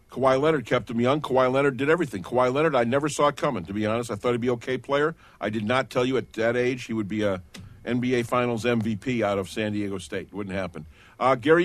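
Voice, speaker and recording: A man's voice: mid-range voice, no echo. A man hosting a sports radio show, bantering loosely, joking and cutting in on his co-hosts. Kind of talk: casual sports radio talk. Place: radio studio. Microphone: studio microphone.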